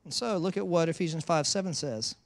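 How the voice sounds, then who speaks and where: A man's voice: a little high, a little fast, gravelly, no echo, studio quality. A man preaching a sermon in a church, telling stories with playful teasing. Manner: animated storytelling with playful teasing. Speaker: pastor.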